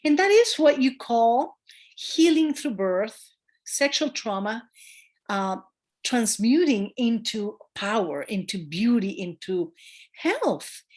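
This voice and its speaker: A woman midwife, a guest in a conversational interview, telling a story with emphasis, acting out quoted voices and pausing on fillers. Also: fairly high pitch, breathy edge. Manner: animated storyteller who acts out quoted voices; warm and emphatic, with hesitant fillers.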